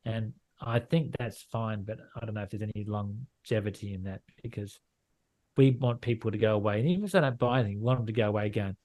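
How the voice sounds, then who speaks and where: A plain-spoken Australian man speaks in a fairly low voice. He sounds middle-aged and talks in loose, casual interview chat. He is blunt and frank and often restarts his sentences. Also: fast, darkish tone. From Western Australia. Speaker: landscape photographer and gallery owner.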